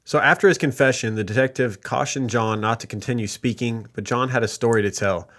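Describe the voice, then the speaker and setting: A man's voice: medium pitch, fairly quick, a bit bright. A man co-hosting a true crime podcast, retelling a case from notes with jokey asides. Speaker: podcast co-host.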